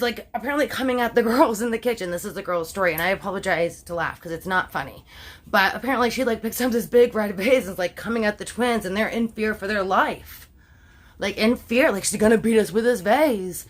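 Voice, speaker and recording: A woman's voice: medium pitch, a bit bright. A woman telling a crime story in a chatty, casual way. She swears often and then corrects herself. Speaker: storytime host.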